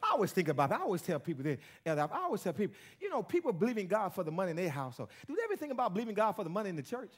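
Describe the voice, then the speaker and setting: Animated, high-voiced preaching pastor. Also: male voice, racing, hardly any pauses. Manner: call-and-response preaching, rising to shouts. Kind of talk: sermon. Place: church sanctuary with congregation.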